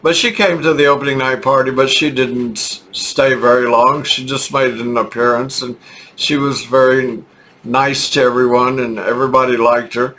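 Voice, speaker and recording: An older man from Texas with a Texan accent, telling a rambling, halting story with chuckles in a casual vlog. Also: mid-range voice, fairly even intonation, bright, forceful tone. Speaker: vlogger.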